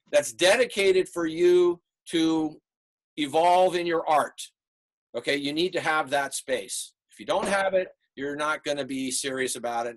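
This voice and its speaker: A man teaching an online art class over a video call, relaxed and rambling with many fillers. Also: fairly high pitch. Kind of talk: online class lecture and critique.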